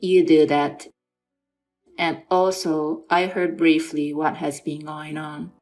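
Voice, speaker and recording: A woman's voice: low-pitched, little pitch movement, slow, darkish tone, faint music behind. A woman voicing a stern aunt in a dramatized story, firmly scolding her nephew. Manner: firm and scolding.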